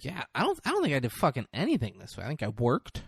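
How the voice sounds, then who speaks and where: A man's voice: mid-range voice, huge pitch swings, fast, creaky, breathy edge, no room sound, clean studio sound. A young man hosting a podcast in loose, joking banter, swearing freely. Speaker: podcast host.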